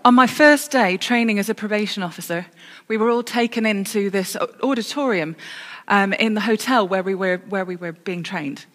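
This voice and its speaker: A woman delivers a sermon in a reverberant church, her voice medium-pitched and a bit bright at a moderate pace. She tells stories, correcting herself along the way, with dry humour.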